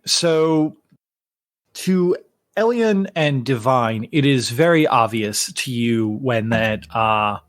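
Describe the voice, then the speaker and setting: A man narrating a tabletop game as game master, halting with many fillers and restarts. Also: mid-range voice, no room sound.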